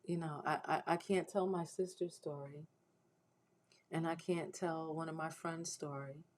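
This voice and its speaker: A deep-voiced woman, steady in tone and a bit slow, pleads earnestly with viewers of her faith-based livestream, her preacherly encouragement repeatedly restarting as she verges on tears. The low-quality audio has a faint hiss or hum.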